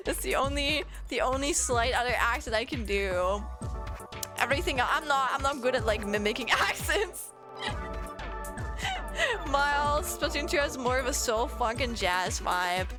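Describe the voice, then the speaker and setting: A woman's voice: high voice, lively intonation, moderate pace. A German woman streamer chatting casually and laughing a lot with her chat, with a German accent. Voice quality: giggly, self-deprecating banter with chat. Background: game music.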